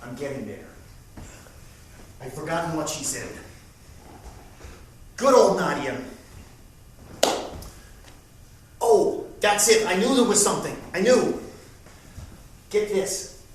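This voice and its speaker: A man acts out a harried, exasperated fellow who tumbles over his words as he vents about family drama. His pitch leaps up and down with lively swings. The stage recording is echoey, heard from far off with a faint hum. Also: measured pace, long pauses. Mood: flustered. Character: flustered, harried man caught in family squabbles. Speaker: stage actor. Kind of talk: theatrical monologue. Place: theatre stage.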